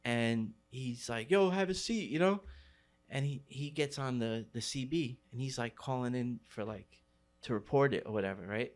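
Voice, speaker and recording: A man's voice: mid-range voice, fairly even intonation, normal speed. A middle-aged man from New City, telling his story in an interview with street slang and many fillers. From New York City. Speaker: graffiti writer.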